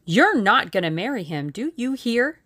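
A woman's voice: medium pitch, expressive, normal speed, natural voice. A woman doing a bossy, brash young Englishman. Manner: forceful, bossy bursts. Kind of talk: audiobook character reading.

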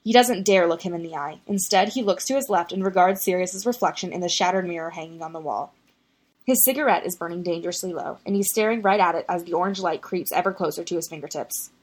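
Woman narrating a story, lowish voice. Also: fast. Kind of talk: audiobook narration of fiction.

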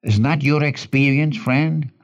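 A man's voice: mid-range voice, unhurried, lo-fi sound. A man teaching the Bible in an earnest radio sermon, repeating phrases for emphasis and calling the listener friend.

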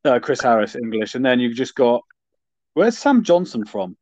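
A man's voice: mid-range voice, very animated, moderate pace, a little mellow, no room sound. Bantering man, blunt, lo-fi dry sound. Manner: blunt banter, swears casually. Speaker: podcast co-host. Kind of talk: casual sports chat. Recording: dull lo-fi dry recording.

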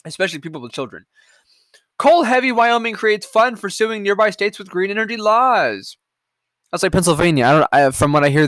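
A man's voice: fairly high pitch, fairly bright tone, no echo. A man hosting a podcast, reacting to headlines in a rambling, profane, sarcastic rant. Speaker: podcast host. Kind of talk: casual news-reaction rant.

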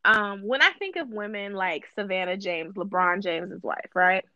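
A woman's voice: mid-range voice, normal speed, sharp tone, no echo, dull audio. A woman co-hosting a casual podcast chat, talking emphatically and repeating phrases for stress. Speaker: guest co-host.

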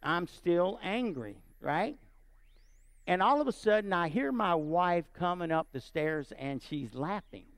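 A man preaching and telling a personal story, animated and often checking in with his listeners. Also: sits high, measured pace, no echo. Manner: animated, asks the audience often. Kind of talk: sermon storytelling.

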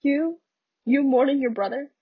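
A woman's voice: high voice, normal speed, no room sound, far from the mic, pitched above the performer's own voice, close to an everyday voice. A woman reading the part of a stern older mother who heads her household and questions her daughter in firm reproach, on a slightly muffled recording. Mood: grieved.

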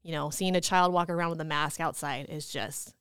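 A woman from California co-hosting a podcast, talking in an earnest, measured way with many fillers. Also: low voice, steady tone, a bit bright, clear, resonant tone, dry recording, studio quality. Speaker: podcast co-host. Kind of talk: casual chat.

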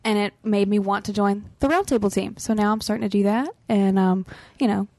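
A woman's voice: mid-range voice, fairly even intonation, fairly quick, darkish tone, no room sound. A woman on a podcast team telling a story in a casual chat, laughing often and acting out the lines she quotes.

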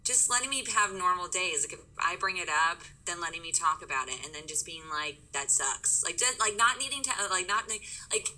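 Woman, young adult, casual chat, very bright tone, rambling with fillers. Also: on the low side, animated, a little fast, few pauses, low-quality recording. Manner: chatty, many fillers like "like". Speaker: guest sharing her experience.

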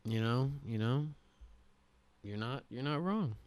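A man ranting excitedly on a casual gaming podcast, swearing often. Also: mid-range voice, takes it slowly, clean tone, no room sound. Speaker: podcast co-host.

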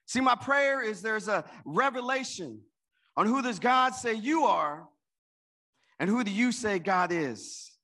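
A man preaching a sermon in church, calling out to the congregation and swinging between loud and soft. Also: high voice, animated, unhurried. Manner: call-and-response preaching, rising and dropping volume. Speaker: pastor. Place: church with an in-person and online congregation.

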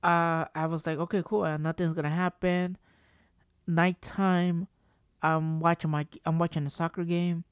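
A man telling a casual story to his audience, rambling and animated, often repeating and restarting himself. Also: on the high side, measured pace, smooth, dry recording, clean studio sound. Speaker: vlogger.

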